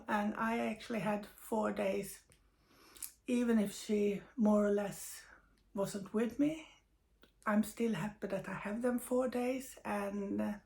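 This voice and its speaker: A middle-aged woman with a gravelly, creaky edge to her voice tells a painful family story at a middle pitch. She sounds tired and grieving, and speaks haltingly with frequent pauses and fillers. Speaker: medium sharing personal news. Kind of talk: personal storytelling.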